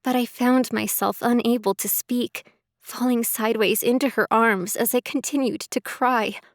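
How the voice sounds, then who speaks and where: A woman's voice: a little high, steady tone, moderate pace, no echo, studio quality. A woman narrating a first-person audiobook, reading with emotion and a tearful edge in the dialogue.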